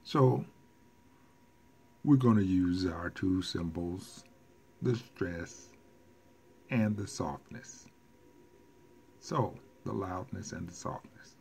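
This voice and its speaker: A man teaching a recorded language lesson in an unhurried, careful way. His voice sits fairly low and he pauses for casual asides and quick self-corrections. Faint background noise runs under the recording. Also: creaky, warm tone. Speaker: Spanish teacher.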